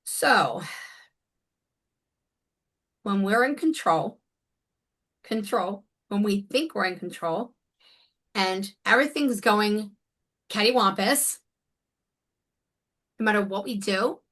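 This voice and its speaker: A woman's voice: mid-range voice, lively intonation, slow pace, long pauses, fairly bright tone. A woman life coach speaking as a guest in a conversational interview, earnest and emphatic. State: near tears.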